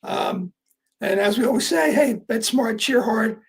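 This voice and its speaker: A man hosting a casual horse racing betting chat, talking through his picks in a rambling, earnest way, his voice sounding high and squeaky. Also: animated, a little slow, vocal fry, slightly rough. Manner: rambling, full of fillers, earnest. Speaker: horse racing handicapper host.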